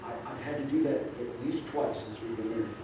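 A man preaching a sermon as a pastor, swinging between loud urging and quiet, soft asides. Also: mid-range voice, a little fast, background noise. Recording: distant mic in an echoing hall.

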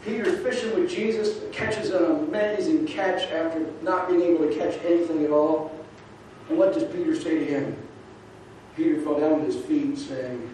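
A man preaching a sermon as a pastor, his fairly high voice rising into loud urging and dropping to soft asides. He is caught from a distance, with a strong echo off the hall and faint ambience behind him. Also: moderate pace, a little hiss or hum. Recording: distant mic in an echoing hall.

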